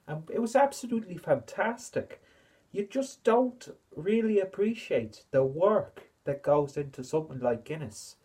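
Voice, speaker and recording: Husky man in a put-on Irish accent. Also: high-pitched, a little mellow. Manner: chatty, rambling, self-mocking. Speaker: beer reviewer. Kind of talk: casual beer review vlog.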